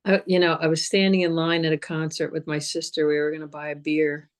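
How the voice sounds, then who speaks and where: A woman with a somewhat low-pitched voice tells her story as an interview guest. She talks casually and with energy, stumbling over repeated words and laughing easily. It sounds like a relaxed, friendly conversation. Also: fairly quick, clean tone. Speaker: guest, cancer survivor.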